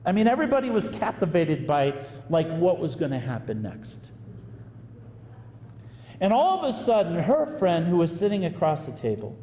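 A priest telling a story in a sermon, animated and acting out the voices of the people in it. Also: male voice, fairly high pitch, normal speed, slight background noise. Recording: echoey hall with faint room ambience.

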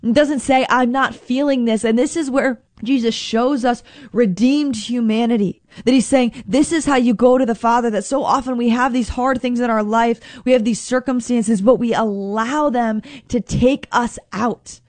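A woman's voice: fairly high pitch, fairly even intonation, moderate pace, few pauses, darkish tone, no room sound. A woman preaching a sermon in an earnest, conversational way, acting out quoted prayers as she goes.

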